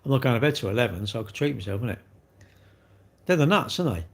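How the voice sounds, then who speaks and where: A man's voice: medium pitch, lively intonation, fast talker, gravelly, slightly rough. An English man chatting on a live stream, rambling and blunt as he answers viewers in a slangy way.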